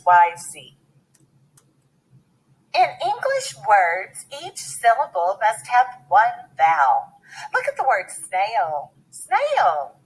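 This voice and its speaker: A woman teaching a phonics lesson to young children, speaking slowly and clearly with a deliberate teacher's manner. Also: medium pitch, poor audio.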